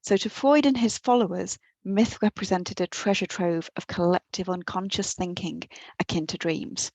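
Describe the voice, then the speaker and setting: A woman's voice: fairly low pitch, normal speed, gravelly, darkish tone, no echo, low-quality recording. A woman lecturer giving a guest talk on mythology, earnest and a little self-deprecating, with some restarts, speaking into a computer mic. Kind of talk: academic lecture. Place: her office at home or work, on a computer.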